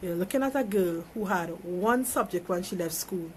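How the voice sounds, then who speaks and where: A woman's voice: fairly low pitch, normal speed, a little mellow, a little hiss or hum. A woman talking on a phone live stream, giving an emphatic, preachy motivational monologue and repeating phrases for effect. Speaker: small business owner.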